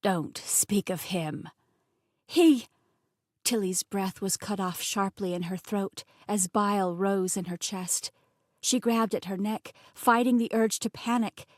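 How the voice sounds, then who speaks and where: A woman narrating a fantasy romance audiobook in an expressive, scripted style, recorded close and dry. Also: medium pitch, moderate pace, no echo. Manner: expressive, voices the characters.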